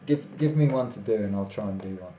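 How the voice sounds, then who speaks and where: A tired man with a mellow voice on the low side chats fast and aimlessly with viewers during a live stream. His recording carries faint noise and sounds dull and lo-fi in an echoey room.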